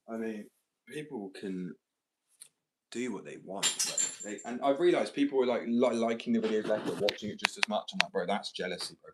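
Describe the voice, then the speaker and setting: Brief: combative man, low voice, slight Australian twang, rambling swearing rant, roomy distant sound. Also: very noisy. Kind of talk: ranting monologue to camera.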